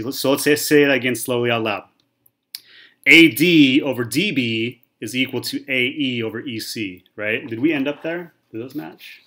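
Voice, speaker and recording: A man in his thirties, a math teacher talking casually through a whiteboard lesson, checking in with okay and right. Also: medium pitch. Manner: chatty, repeats okay and right often.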